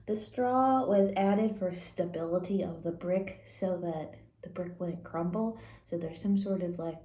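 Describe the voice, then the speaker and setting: A woman's voice: mid-range voice, warm tone. A woman giving a casual Bible story lesson at church, chatty with playful asides. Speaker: church leader reading scripture. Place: church building. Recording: echoey room.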